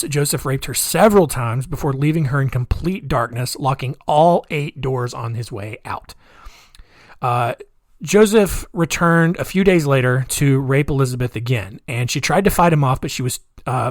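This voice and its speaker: A man's voice: mid-range voice, dry recording, clean studio sound. A man hosting a solo podcast, telling a crime story casually with many fillers and offhand asides. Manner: conversational, with filler-heavy asides. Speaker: podcast host.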